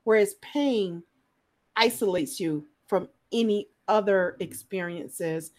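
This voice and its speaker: A woman nurse specialist telling stories from her work in a relaxed interview, acting out the people in them. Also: mid-range voice, takes it slowly. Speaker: guest, clinical nurse specialist in pain. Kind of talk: conversational storytelling in a podcast interview.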